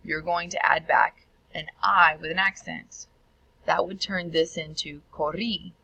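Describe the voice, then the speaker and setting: A woman teaching Spanish in a recorded video tutorial, explaining each step clearly and sounding out the Spanish words. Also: on the low side, steady tone, a little slow, pushed and bright, no room sound, low-quality recording.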